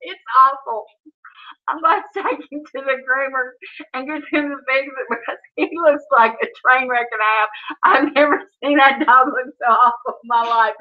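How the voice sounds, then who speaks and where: A woman's voice: high-pitched, fairly even intonation, normal speed, dull audio. A middle-aged woman, chatting casually and laughing often on a livestream from her home. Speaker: livestream host. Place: at home, indoors.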